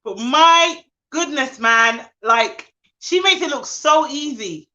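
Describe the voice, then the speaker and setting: A woman co-hosting a casual live chat, playful and quick to laugh. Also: high-pitched, highs cut off. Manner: laughs easily, animated and playful. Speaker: co-host.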